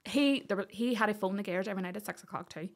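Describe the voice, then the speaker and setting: A woman's voice: medium pitch, rapid-fire. A woman, a podcast guest earnestly recounting a personal story and acting out what others said.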